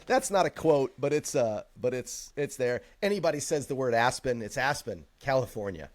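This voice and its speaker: A man co-hosting a podcast in casual chat, excited, laughing often and quoting movie lines with gusto. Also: medium pitch, moderate pace. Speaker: podcast co-host.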